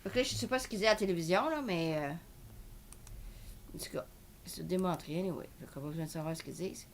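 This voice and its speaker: A woman from Canada with a Quebec French accent, hosting a live market commentary in an excitable way and peppering her talk with filler tags. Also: fairly low pitch, very fast, slight background noise. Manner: excitable, switches between French and English, full of filler tags. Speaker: host.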